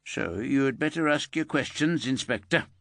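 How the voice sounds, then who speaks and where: A man's voice: mid-range voice, animated, moderate pace, creaky, a bit bright, no echo, studio quality, pitched above the performer's own voice. A man playing a frail older father stricken with grief, in a thriller audiobook. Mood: grieving. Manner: angry then breaking.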